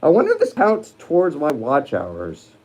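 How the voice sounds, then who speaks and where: A man's voice: fairly high pitch, huge pitch swings, normal speed, darkish tone, muffled recording. A man hosting a casual livestream, chatting in a rambling, hesitant way with lots of fillers and restarts as he reads viewer comments. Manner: chats with viewers while reading live comments. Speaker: livestream host.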